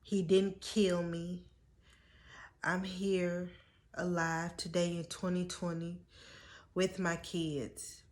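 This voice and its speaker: Slow, tearful woman pleading earnestly. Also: lowish voice, flat delivery. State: holding back tears. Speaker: vlogger. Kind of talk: storytime vlog.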